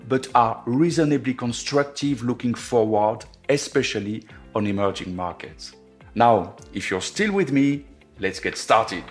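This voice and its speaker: Middle-aged French-accented man, podcast host, measured scripted market commentary, mid-pitched, faint music under. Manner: measured, explanatory delivery. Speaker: podcast host, investment officer.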